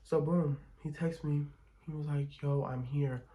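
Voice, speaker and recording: In a low-quality recording, a young vlogger with a dark, slightly high voice talks in an unhurried, steady way. He shares expressive storytime gossip, frank and laced with swearing, while applying makeup.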